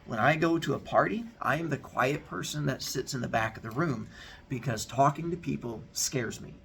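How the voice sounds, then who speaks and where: Earnest gravelly-voiced male teacher. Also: medium pitch, moderate pace, a bit bright, a little hiss or hum. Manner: earnest, candid personal storytelling. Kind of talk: heartfelt talk to students.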